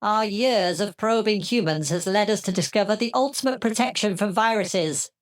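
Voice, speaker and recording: A man's voice: high-pitched, normal speed, voice pushed up, close to an everyday voice. A man putting on a gloating alien commander. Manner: gloating, pompous. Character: smug alien commander over the radio.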